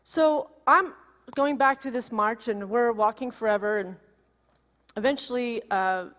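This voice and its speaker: A woman minister in her forties giving a sermon, telling a personal story in an animated, emotional way. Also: fairly high pitch, unhurried. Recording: long reverb of a large hall.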